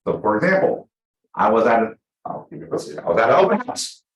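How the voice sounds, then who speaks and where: A man teaching real estate agents at a team meeting, talking fast and acting out his examples. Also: fairly low pitch. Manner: energetic, fast, full of acted-out examples. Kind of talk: live team training class. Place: meeting room with a small audience. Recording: echoey room.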